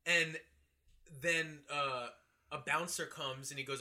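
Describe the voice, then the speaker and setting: A man in his twenties, co-hosting a podcast in casual chat, laughing along and adding quick asides. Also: a little high, fairly even intonation, pushed and bright. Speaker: podcast co-host.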